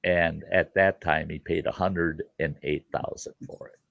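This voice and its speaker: A man's voice: rumbling low, fairly even intonation, measured pace, creaky, fairly bright tone, no echo, highs cut off. A middle-aged man hosting a show and telling a rambling childhood story in a folksy, casual way. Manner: folksy, rambling, with fillers like "you know". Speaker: host and storyteller.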